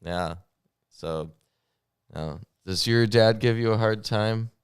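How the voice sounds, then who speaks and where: Man, unhurried co-host, low smooth voice, reads scripture with dry asides, dry close sound. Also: dry recording. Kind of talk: casual chat and reading scripture aloud.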